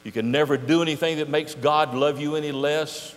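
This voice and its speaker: A man's voice: on the high side, steady tone, brisk, few pauses, slight background noise. An older man preaching a sermon, emphatic and full of rhetorical questions. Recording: echoey hall.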